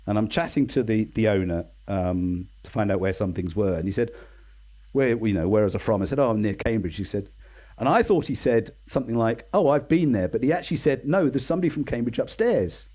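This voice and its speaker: A man's voice: fairly low pitch, brisk, dark tone. A man in his sixties with an English accent, a guest in a casual interview, telling stories in a chatty, self-deprecating way and acting out the people he quotes. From England. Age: 60s.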